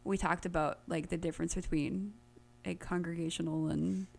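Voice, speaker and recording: A woman's voice: lowish voice, fairly even intonation, moderate pace, vocal fry, darkish tone. A woman co-hosting a casual podcast chat, telling stories in a chatty way with many fillers. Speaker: podcast co-host.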